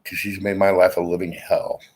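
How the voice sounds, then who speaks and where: A man's voice: sits low, level tone, moderate pace, darkish tone, rough recording. A middle-aged man chatting casually to his viewers from his armchair through a laptop mic, rambling and blunt, with frequent swearing. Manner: rambling, profane, blunt storyteller. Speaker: vlogger. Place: at home, seated in an armchair. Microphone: laptop built-in mic.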